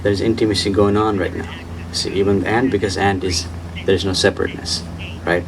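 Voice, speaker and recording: A man giving an informal spiritual talk and answering questions, repeating his points insistently in slightly broken English and laughing softly. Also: low-pitched, little pitch movement, a little fast, distant mic, noisy background. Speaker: spiritual teacher.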